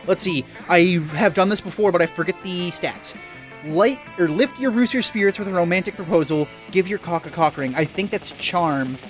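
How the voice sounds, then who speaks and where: A man's voice: high-pitched, moderate pace, soft background music. A man commenting on a game, reading the text aloud with a jokey, profane, laughing manner. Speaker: gamer. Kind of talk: let's play commentary.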